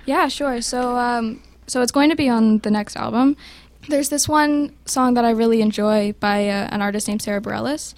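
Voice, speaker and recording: A young woman singer, a guest on a radio show, talking softly and a little shyly. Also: a little high, normal speed. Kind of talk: casual studio interview.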